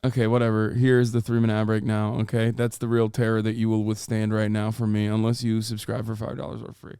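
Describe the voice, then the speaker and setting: A man's voice: lowish voice, monotone, fast talker, gravelly, mellow, smooth, no echo, studio quality. Heated, profane male streamer. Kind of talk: reaction commentary.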